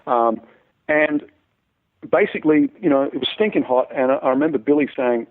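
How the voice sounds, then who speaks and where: An Australian man spins lively stories from his career. He stumbles over and repeats words as the tales tumble out. His voice comes through a thin, phone-like line at a middle pitch. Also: moderate pace. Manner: animated storyteller who repeats words as he goes. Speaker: musician guest. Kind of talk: casual anecdote telling.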